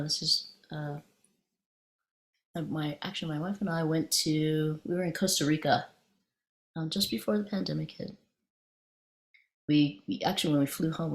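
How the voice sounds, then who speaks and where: A woman's voice: low-pitched, vocal fry. A woman meditation teacher giving a dharma talk, telling a personal story in a conversational, meandering way with frequent restarts.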